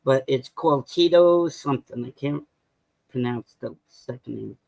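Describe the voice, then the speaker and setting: A man's voice: mid-range voice, measured pace, vocal fry, a little mellow, dry recording, rough recording. A man calling into a sports show, rambling and hesitant, with many fillers. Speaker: caller. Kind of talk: casual call-in chat.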